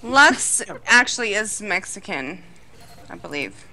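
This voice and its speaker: A woman playing as a guest on a game stream, talking in a slow, drawling way. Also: medium pitch, sing-song, sharp tone, rough recording. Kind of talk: casual gaming chat.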